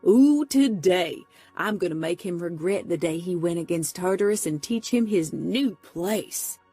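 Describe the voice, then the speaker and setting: A woman's voice: on the low side, lively intonation, measured pace, mellow, breathy edge, soft background music. A woman playing a sneering male biker boss. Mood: vicious. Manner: sneering, taunting. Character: menacing gloating male biker gang boss.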